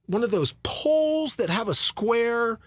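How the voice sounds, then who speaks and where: Animated middle-aged man telling a story. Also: very high-pitched, unhurried, dry recording. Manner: animated, acts out other people's lines. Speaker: podcast host. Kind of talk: storytelling monologue.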